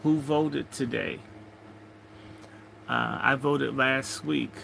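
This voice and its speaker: Slow, bright-voiced man hosting a livestream. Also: medium pitch, fairly even intonation, vocal fry, slight background noise, poor audio. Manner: rambling, jokey, chatting to viewers. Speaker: livestream host. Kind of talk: casual livestream chat, reading comments.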